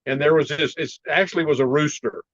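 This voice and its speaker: A man telling a story in a casual interview, animated and laughing often, clearing his throat now and then. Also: a little high, quick pace, no room sound, muffled recording. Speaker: martial arts teacher, interview guest.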